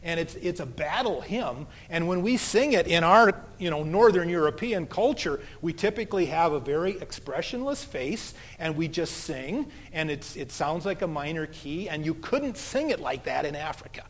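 A man's voice: fairly high pitch, lively intonation, normal speed, few pauses. A man preaching a sermon as a pastor, telling stories in a conversational way. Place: church sanctuary. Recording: long church reverb.

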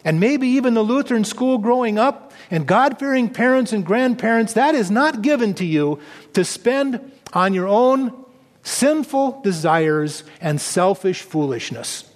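A man preaching a sermon as pastor, earnest, dropping low and soft for emphasis. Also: animated, a little slow, long reverb tail.

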